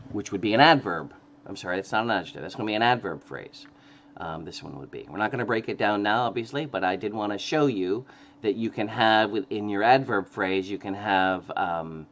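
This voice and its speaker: A man's voice: on the low side, fairly bright tone. A man lecturing on grammar, explaining step by step, often checking in with "okay?" and correcting himself as he goes. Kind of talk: recorded classroom lecture.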